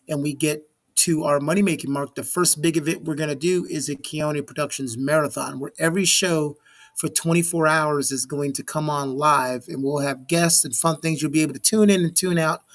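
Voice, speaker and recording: A man in his forties from Miami, Florida, hosting a live talk show and telling stories with acted-out dialogue. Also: fairly high pitch. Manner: animated storyteller, acts out the dialogue. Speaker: show host. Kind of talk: casual chat on a live show.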